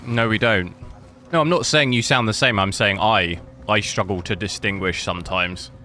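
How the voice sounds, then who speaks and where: A man's voice: lowish voice, moderate pace, bright, forceful tone. A man from South Africa livestreaming a game, rambling casually as he answers chat messages. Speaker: gaming livestreamer. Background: game audio.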